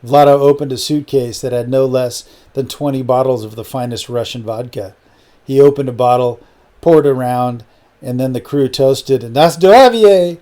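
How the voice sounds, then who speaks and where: Mellow-voiced male audiobook narrator. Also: medium pitch, little pitch movement, moderate pace. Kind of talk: scripted narration.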